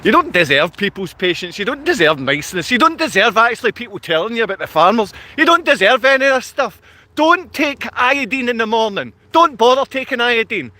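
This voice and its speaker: A man ranting angrily at his viewers in a livestream, insulting and yelling at them. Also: very high-pitched, very animated, brisk, no room sound. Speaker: vlogger. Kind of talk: angry livestream rant. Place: outdoors in his town.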